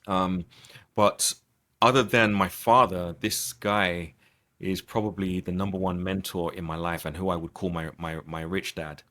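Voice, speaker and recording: Earnest low-voiced man, reflective. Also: steady tone, a little slow, a bit bright. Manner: earnest, reflective, with frequent restarts and repetitions. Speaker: podcast guest. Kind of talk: conversational interview.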